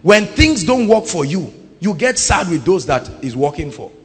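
A Nigerian man preaching a sermon, swinging from loud shouted declarations to low quiet asides. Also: very animated, normal speed. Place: large church hall. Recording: echoing hall with faint music.

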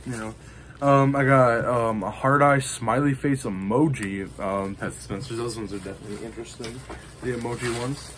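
A man chatting casually to the camera in a show-and-tell vlog. He rambles along, filling his pauses with ums and you-knows. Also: medium pitch, fairly even intonation, fairly bright tone, slight background noise. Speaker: vlogger showing his collection.

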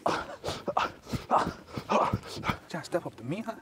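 A young man vlogging in goofy casual banter, joking and laughing, swinging between loud bursts and mumbles. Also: high-pitched, sing-song, normal speed, slight background noise.

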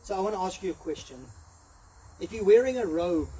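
High-pitched guy preaching a sermon, animated, voices the characters, mic a bit far off, faint hiss. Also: brisk. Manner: animated, acts out the story in voices. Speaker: pastor. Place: church hall.

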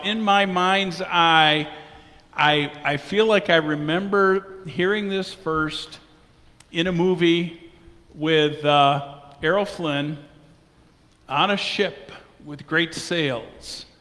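A male pastor with a bright, forceful voice, speaking unhurriedly to his congregation. His words ring out in the long reverb of a church sanctuary. He coaxes the people with a playful, good-humored manner. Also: a little high, slow pace. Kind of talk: leading a church benediction.

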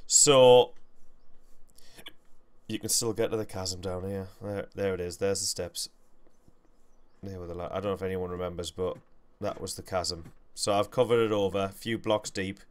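A man's voice: deep voice, steady tone, moderate pace, smooth. A young man, hosting a game livestream with rambling, self-correcting, jokey commentary. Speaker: gaming livestream host.

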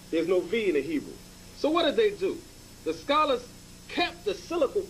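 Emphatic man teaching, lively high voice. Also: a little hiss or hum, low-quality recording. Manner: emphatic, repeats "okay?" to check understanding. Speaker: religious teacher. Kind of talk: informal Bible teaching.

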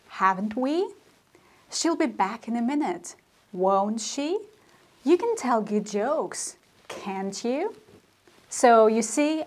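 Slow, deliberate woman teaching grammar. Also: on the high side. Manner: slow, deliberate explaining with spoken example sentences. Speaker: language teacher. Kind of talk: scripted grammar lesson.

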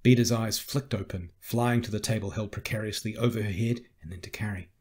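A man narrating a science fiction audiobook in a measured, steady read. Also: fairly low pitch, breathy edge. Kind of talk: scripted narration.

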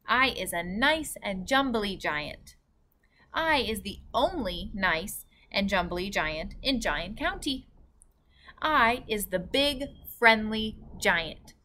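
A woman's voice: mid-range voice, bright, forceful tone, a little hiss or hum. The BFG, as a woman reads him aloud. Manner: jumbled words, stern then cheerful. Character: big friendly male giant, muddled grammar. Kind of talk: reading a storybook aloud.

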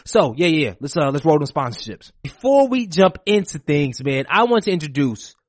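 A man hosting his podcast, opening the season with an excited, emotional, slangy monologue. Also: on the high side, normal speed, no echo. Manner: animated, emotional, slangy hype talk. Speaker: podcast host.

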